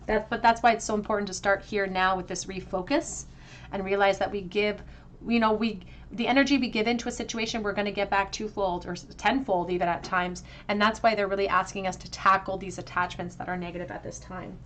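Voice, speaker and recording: A woman's voice: mid-range voice, fairly even intonation, a little fast, fairly bright tone. A woman reads tarot cards aloud and speaks directly to her viewers in a heartfelt, emotional way. She talks around braces in a mid-range voice. A faint noise sits under the recording. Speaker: tarot reader. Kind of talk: pick-a-card tarot reading.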